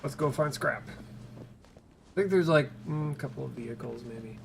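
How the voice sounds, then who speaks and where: A man gives relaxed live commentary on his game, thinking out loud in a mid-range voice. He trails off and picks his sentences back up as he plans. A steady hiss of noise sits under his voice. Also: mid-range voice, a little slow, vocal fry. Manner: thinking aloud, casual, trailing off and restarting. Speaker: game streamer.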